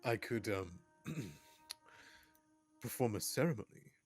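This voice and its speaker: Low-voiced man playing a tabletop game. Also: lively intonation, slow, faint music behind. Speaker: player.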